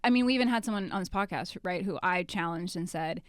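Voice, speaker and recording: A woman's voice: on the low side, fast talker, hardly any pauses, clean tone, dry recording, studio quality. A woman co-hosting a podcast, talking casually and hesitantly with many fillers. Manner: hesitant, filler-heavy, with restarts. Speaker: podcast co-host. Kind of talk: casual discussion.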